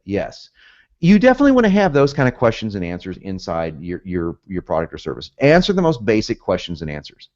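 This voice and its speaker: A copywriting teacher with a lowish, somewhat mellow voice gives a casual, chatty lesson at a moderate pace, his delivery sing-song. He laughs often and acts out the lines he quotes. The audio is dull and lo-fi.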